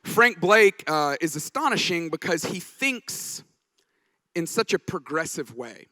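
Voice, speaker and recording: A man's voice: fairly high pitch, lively intonation, a little slow, pushed and bright, no room sound. A man giving a conference talk as a pastor, telling stories with jokes along the way. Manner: anecdotal, joking storyteller. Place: conference stage.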